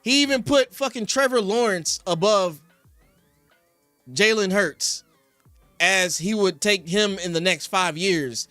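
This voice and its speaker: Heated, high-voiced Philly sports host. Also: male voice, takes it slowly, long pauses, pushed and bright, no room sound, faint music behind. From Philadelphia. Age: young adult. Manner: rambling, reads chat names, rises to heated rants. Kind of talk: casual sports talk to live chat. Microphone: studio podcast mic.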